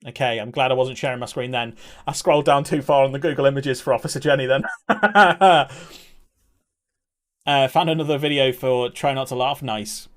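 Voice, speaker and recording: A man's voice: medium pitch, fairly even intonation, fast. A young man chatting casually on a live stream, reacting to viewers and laughing often. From England.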